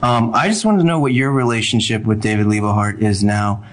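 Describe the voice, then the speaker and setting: A man's voice: on the low side, fairly quick, poor audio. A man from Ohio calling in to a podcast, speaking politely and hesitantly with many ums. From Cleveland, Ohio. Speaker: caller. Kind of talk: casual phone-in chat.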